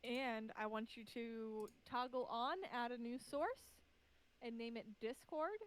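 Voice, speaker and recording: A woman guest on a podcast patiently walks the host through setting up a stream, instructing step by step in casual chat. Her voice is a little high and she takes it slowly. The audio quality is poor.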